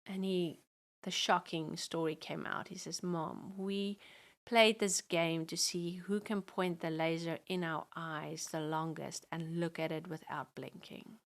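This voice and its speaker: A woman's voice: lowish voice, steady tone, measured pace. A middle-aged woman telling a personal testimony in a church interview. She acts out the quoted dialogue as she goes. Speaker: guest sharing a testimony. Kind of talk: storytelling testimony.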